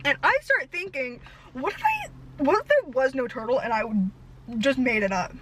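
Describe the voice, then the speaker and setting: Breathless, fast-yapping young woman. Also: sits high, huge pitch swings, fairly bright tone, a little hiss or hum, poor audio. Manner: breathless, fast-talking, self-deprecating. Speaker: vlogger. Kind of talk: rambling storytime chat.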